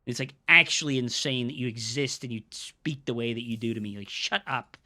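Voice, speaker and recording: A man's voice: medium pitch, a little fast, bright, forceful tone, dry recording, studio quality. A man streaming a strategy game live, ranting at his chat in a profane, scolding way. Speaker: streamer and coach.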